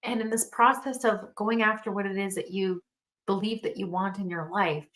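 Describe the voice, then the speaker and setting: Bright-voiced woman giving a motivational talk. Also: mid-range voice, steady tone, moderate pace. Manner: earnest, storytelling, speaks straight to listeners. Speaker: mentorship coach.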